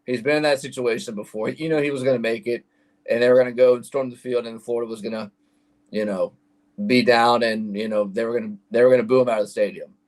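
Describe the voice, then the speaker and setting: A man's voice: medium pitch, steady tone, fast. A man co-hosting a sports podcast, talking in a laid-back, slangy way. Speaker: sports podcast co-host and radio host. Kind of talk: casual sports talk.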